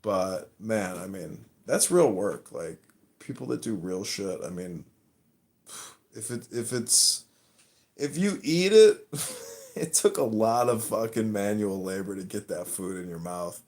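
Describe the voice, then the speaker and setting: A man's voice: lowish voice, expressive, unhurried, a little mellow. A man hosting a casual podcast chat, crude and joking, often laughing at himself. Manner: crude, laughs at his own jokes. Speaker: podcast host.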